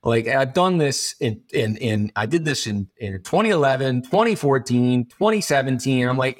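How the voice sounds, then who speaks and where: A man's voice: medium pitch, expressive, moderate pace. A man speaking as an interview guest, frank and rambling, swearing freely and restarting his sentences often. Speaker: guest entrepreneur. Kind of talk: candid conversational interview.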